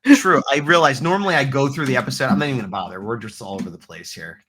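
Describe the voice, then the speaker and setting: A man co-hosting a casual review podcast, talking in an animated, rambling way with frequent restarts. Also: mid-range voice, fast talker, a little hiss or hum. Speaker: podcast co-host reviewing episodes. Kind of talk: casual chat.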